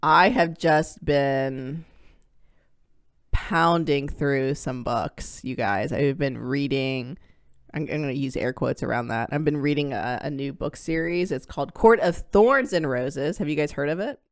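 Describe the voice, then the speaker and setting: A woman's voice: rumbling low, measured pace, dry recording, studio quality. A woman hosting a podcast, chatting casually and enthusiastically. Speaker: podcast host. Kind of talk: casual chat.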